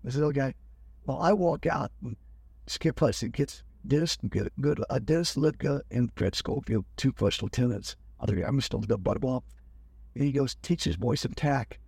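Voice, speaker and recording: A man's voice: medium pitch, normal speed, creaky, darkish tone, husky, no echo. An older man telling a rambling personal story in casual talk, acting out the people he quotes. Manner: rambling, acts out quoted officers. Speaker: guest telling his life story.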